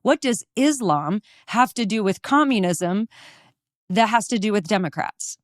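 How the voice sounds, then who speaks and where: A woman's voice: mid-range voice, lively intonation, measured pace, dry recording, studio quality. A woman hosting a podcast interview, asking conversational and inquisitive questions. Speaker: podcast host.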